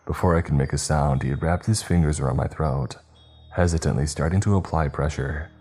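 A man narrating a first-person story in a steady, even retelling. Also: rumbling low, a little fast, husky, faint music behind.

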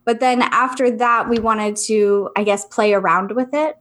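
She speaks at a normal speed in a slightly high, somewhat bright voice with fairly even intonation. As a psychic reader co-hosting a podcast, she chats casually and rambles with plenty of fillers.

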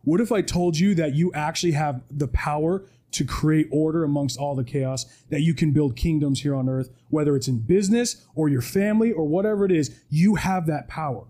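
A man with a high, dark and husky voice talks as a guest in a podcast studio. He preaches with emphasis and keeps checking in with "right?". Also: fairly quick, few pauses. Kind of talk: animated motivational talk.

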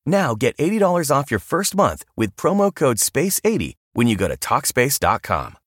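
A man reading a sponsor spot in a polished promotional manner. His pitch swoops all over its range, and the sound is dry and close. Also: big pitch swings, moderate pace, no echo. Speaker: ad reader. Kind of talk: scripted ad read.

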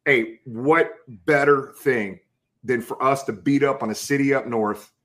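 Brief: male sports host, mid pitch, pumped up, buddy-buddy talk. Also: unhurried, fairly bright tone. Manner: hyped, calls guest brother and man.

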